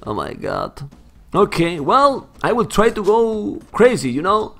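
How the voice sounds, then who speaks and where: A young man with a Spanish accent, Spanish his first language, calls a strategy game live in lively, excitable commentary. His voice sits high and swings widely as he gets worked up, and he keeps dropping "man" into his lines. Faint music plays underneath. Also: a little slow, gravelly. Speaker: game caster.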